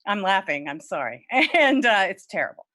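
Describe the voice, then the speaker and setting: Animated, frank middle-aged woman storyteller. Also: moderate pace, dry recording. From Lafayette, Louisiana. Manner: animated, candid, swears freely, voice leaps high when quoting herself. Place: home, virtual event. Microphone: video call.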